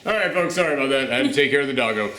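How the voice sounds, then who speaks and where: A man hosting a film review podcast at home, gushing and animated, often laughing as he talks. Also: medium pitch, racing, reverberant, a little hiss or hum. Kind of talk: excited casual film review chat. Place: room at home with a dog nearby.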